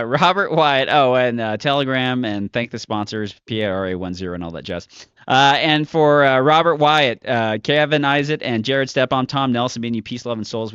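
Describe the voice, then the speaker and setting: Smooth wry man closing a podcast. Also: medium pitch, fairly bright tone, no room sound. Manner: joking, wry. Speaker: podcast host. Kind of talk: casual chat and show outro. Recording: dry, dull lo-fi audio.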